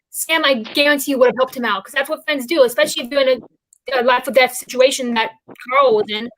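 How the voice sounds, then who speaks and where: A high-pitched woman talks loosely as a host, drifting between thoughts and circling back with plenty of fillers. Her delivery is relaxed and conversational, like an easygoing chat among friends. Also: quick pace. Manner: rambling, many fillers and restarts. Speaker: podcast host. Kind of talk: casual chat about musicals.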